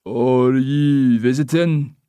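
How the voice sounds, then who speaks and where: Give me a man voicing a sniggering young lout, slow and insistent. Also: medium pitch, steady tone, dark tone, smooth, dry recording, voice pushed up, lightly acted. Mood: pushy.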